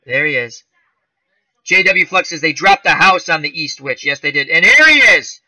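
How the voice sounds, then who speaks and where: A man hosts a loose live-stream chat and reads comments aloud. His voice is high and very bright, with a sharp edge. He rambles from one tangent to the next, chuckling as he goes. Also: sing-song, fairly quick, no echo, poor audio. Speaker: channel host reading live chat.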